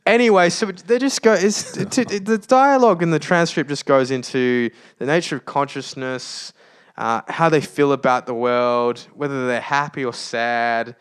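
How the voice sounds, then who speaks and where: A man co-hosting a casual podcast, animated and quick to joke. His voice is smooth and clear at a middle pitch for a man. He talks in a large open room. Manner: animated, joking, often laughing. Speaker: podcast co-host. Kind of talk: casual chat.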